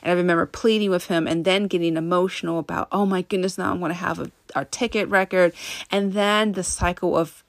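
Earnest low-voiced woman podcast host. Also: fairly even intonation, brisk, no echo. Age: adult. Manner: earnest, speaks directly to listeners. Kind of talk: self-help podcast monologue.

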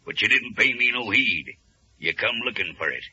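An actor playing a gruff, menacing rural fisherman villain with a folksy, ungrammatical drawl, in 1940s radio acting. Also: fairly low pitch, animated, moderate pace, bright, forceful tone, exaggerated voice. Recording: muffled old radio recording.

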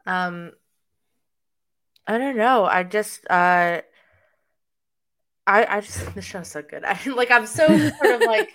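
A woman chatting on a podcast, enthusiastic and halting, with many fillers and restarts. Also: medium pitch, expressive, a bit bright. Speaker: podcast co-host. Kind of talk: casual chat.

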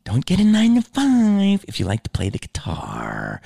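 A man delivering a heated, profane ranting monologue, swinging between low growls and high outbursts. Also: wildly swooping pitch, normal speed, gravelly, mellow, husky.

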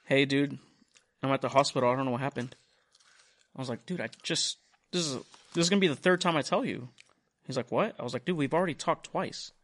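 This young man hosts a podcast and talks fast, with a medium pitch, though he breaks for long pauses. In casual chat, he tells a long, profane story and performs the other people's dialogue.

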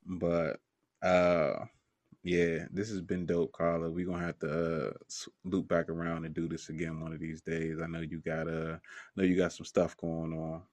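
Deep voiced guy hosting a podcast, laid back, jokey, dry sound. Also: level tone, normal speed, darkish tone, no room sound. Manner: laid-back, joking, lots of "you know". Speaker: podcast host. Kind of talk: casual podcast interview.

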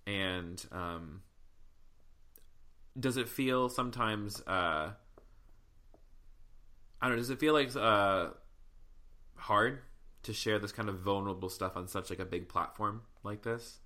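Bright, animated man. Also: on the low side, slow, pauses often. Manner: animated, playful storyteller who gets emotional. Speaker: podcast host. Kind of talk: casual chat.

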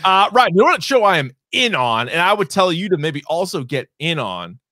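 A man's voice: high-pitched, sing-song, moderate pace, pushed and bright. A man co-hosting a podcast, rambling through entertainment news in casual chat and swearing now and then. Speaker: podcast co-host.

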